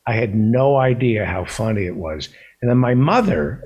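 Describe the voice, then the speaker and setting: A man's voice: medium pitch, very animated, normal speed, darkish tone, slightly rough, poor audio. A man hosting a talk show, chatting casually and effusively, repeating himself for emphasis. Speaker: host. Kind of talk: casual chat.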